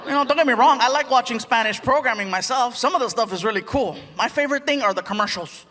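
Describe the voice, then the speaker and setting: A man performing a stand-up comedy set before a live audience, animated and acting out quotes. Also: very high-pitched, fast talker. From United States. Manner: animated, acts out voices and quotes. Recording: live audience laughter, background noise.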